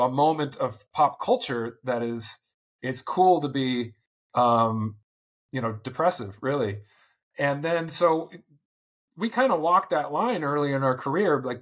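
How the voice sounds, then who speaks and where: A man's voice: mid-range voice, fairly bright tone. A man in his forties, a podcast guest, talking thoughtfully and earnestly with frequent restarts. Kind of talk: reflective interview talk.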